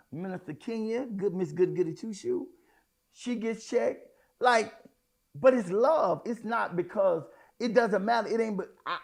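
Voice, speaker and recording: Gravelly high-voiced man preaching. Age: middle-aged. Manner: conversational preaching with sudden emphatic outbursts. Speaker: pastor. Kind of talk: sermon.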